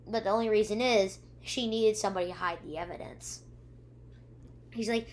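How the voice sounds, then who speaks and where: A woman's voice: medium pitch, normal speed, darkish tone, a little hiss or hum. A female reviewer recapping episodes in a rambling way, with many ums and restarts, acting out the characters' lines. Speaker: video reviewer.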